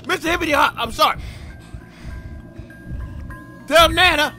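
A man giving loud, excitable commentary while playing a horror game, full of slang and yelling at jump scares. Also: very high voice, unhurried, soft background music. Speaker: gamer.

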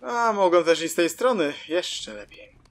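A man's voice: high voice, lively intonation, normal speed. A man giving casual, chatty gameplay commentary, talking to himself with mild swearing. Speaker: let's play commentator.

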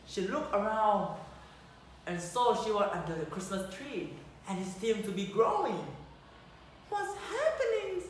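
A teenage male student reading a children's story aloud, slow and halting, often correcting himself. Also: high-pitched, lively intonation. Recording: echoey room, distant mic, faint noise.

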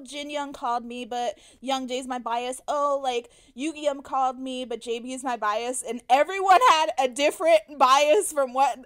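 A woman's voice: high-pitched, a bit bright. A woman co-hosting a casual podcast, telling a story with lots of laughter, acting out quotes and swearing freely. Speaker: podcast co-host. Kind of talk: casual chat.

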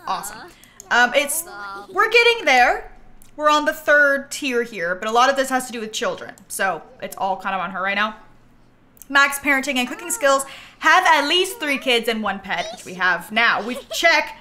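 A young woman live-streaming a life-sim game, excitable and laughing often, swinging between squeals and low mutters. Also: moderate pace.

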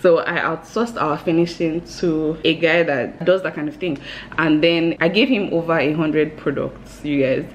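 Excitable woman vlogging at home. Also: low-pitched, normal speed, slight background noise. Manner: bubbly, excitable, laughs often. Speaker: vlogger and new business owner. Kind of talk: casual vlog chat to camera.

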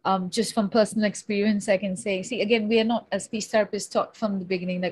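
A woman's voice: medium pitch, steady tone, moderate pace. A woman who works as a speech therapist, hosting a webinar interview and chatting with a guest, agreeing readily and filling her talk with "like" and "um," heard over a video-call microphone. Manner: chatty, agreeing, many fillers like "like" and "um".

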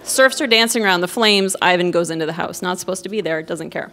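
A woman's voice: fairly low pitch, fast, a bit bright, some chatter behind, slight background noise. A woman giving a comic live reading of the novel she wrote as a teenager, narrating with amused, wry asides. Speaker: reader of her own teenage writing.

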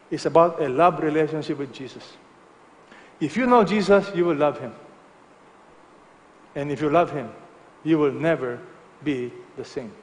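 High-voiced male preacher in echoey hall. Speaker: pastor. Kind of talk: sermon.

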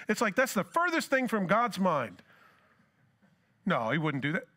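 A man's voice: high-pitched, wildly swooping pitch, unhurried, sharp tone. A pastor preaching a sermon who asks his congregation rhetorical questions and acts out scripture dialogue.

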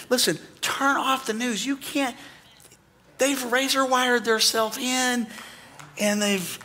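A man preaching a sermon with a high, bright voice that leaps up and down across a wide pitch range. He jokes with the congregation and breaks into sudden shouts and mock voices, a pastor working a large church from the stage. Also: a little slow. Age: older. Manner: animated, jokey, bursts into shouts and mock voices.

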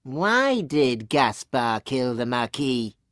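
A man doing a sly, slow-spoken spy. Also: medium pitch, big pitch swings, fairly bright tone, dry recording, studio quality. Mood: prying. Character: sly, probing English spy, adult man.

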